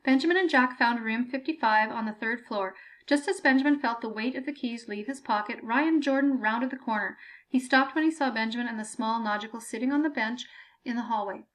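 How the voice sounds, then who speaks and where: A woman narrates a story as an audiobook. Her voice sits high, and her telling is steady and even-toned. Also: fairly quick. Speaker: audiobook reader.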